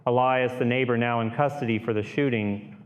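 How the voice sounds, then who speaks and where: A man narrates a true-crime style horror audiobook, his medium-pitched voice steady and grave as he tells the story at a brisk pace.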